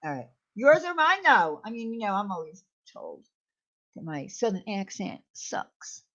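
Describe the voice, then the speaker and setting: A woman hosting a casual livestream chat, blunt and quick to swear, laughing often. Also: medium pitch, very animated, a bit bright. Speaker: livestream host. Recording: muffled lo-fi stream audio.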